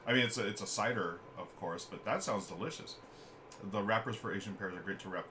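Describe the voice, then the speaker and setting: A chatty man hosting a live stream from home, reading viewer comments aloud into a desk mic. His voice is bright and forward. A faint hiss of background noise sits under it. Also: fairly low pitch, a little fast. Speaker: streamer host. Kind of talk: casual chat on a live stream. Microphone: desk microphone.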